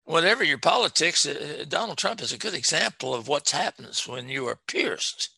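A man preaching a sermon, reading scripture with slow, emphatic stress and talking to his congregation. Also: on the high side, expressive, gravelly, sharp tone, husky, no room sound.

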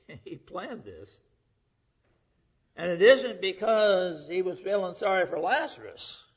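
A middle-aged male preacher delivering a sermon, rising to loud emphasis and dropping to hushed, whispered lines. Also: high-pitched, breathy edge. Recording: dull lo-fi recording.

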